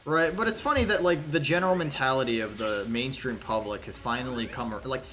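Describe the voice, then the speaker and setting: A man's voice: mid-range voice, a little fast, a bit bright, slight background noise. A man streaming a game, chatting casually in a rambling, profane way with lots of fillers. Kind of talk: casual livestream chat. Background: game music.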